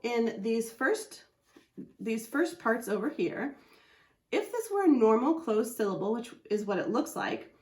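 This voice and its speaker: A woman's voice: on the high side, big pitch swings, measured pace, darkish tone. A woman teaching a phonics lesson, patiently sounding out letters and syllables as she explains a chart. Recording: echoey room.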